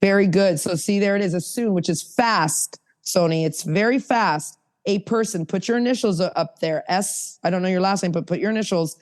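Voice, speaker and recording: A woman leads an online workshop in a lively, chatty voice that coaxes her listeners along. Her pitch sits in an ordinary middle range, and she comes through a video call. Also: moderate pace, hardly any pauses. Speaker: sponsorship workshop teacher.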